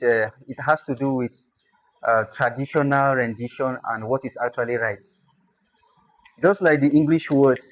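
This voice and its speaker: A man teaching a language class, explaining patiently and repeating words slowly. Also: medium pitch, no echo. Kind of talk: classroom lesson.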